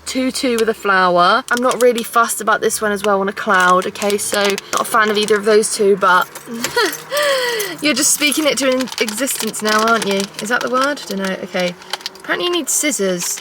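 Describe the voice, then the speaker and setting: A young woman chatting casually while vlogging in her car, telling stories in a sweary, self-mocking way. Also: a little high. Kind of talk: casual vlog chat. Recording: noisy car with traffic outside. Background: road and engine noise.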